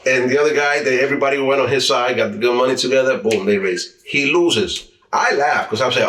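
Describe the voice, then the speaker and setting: A man's voice: mid-range voice, normal speed, a bit bright, distant mic. A man from the New York area, an interviewee telling casual stories, who acts out quoted dialogue and often restarts his words. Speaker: interviewee, former street racer. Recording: roomy sound, mic set back from speaker.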